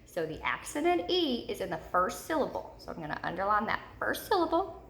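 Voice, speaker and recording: Lady teacher recording a video lesson, slow and repetitive, bit of fry, echoey room. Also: mid-range voice, very animated, fairly bright tone. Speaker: third grade teacher.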